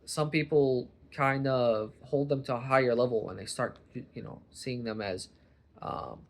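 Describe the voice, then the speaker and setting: A young man rambling in a casual vlog monologue, often breaking off and restarting, and jumping up loud and high when he acts out other people. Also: a little slow. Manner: rambling, self-interrupting, jumps to loud animated voices when quoting people. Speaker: vlogger.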